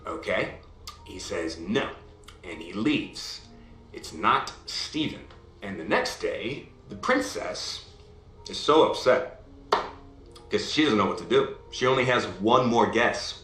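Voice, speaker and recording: A man telling a bedtime fairy tale on a video call, animated, going up high with excitement and down low for suspense, and checking in with his listener. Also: reverberant, a little hiss or hum. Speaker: parent telling a bedtime story.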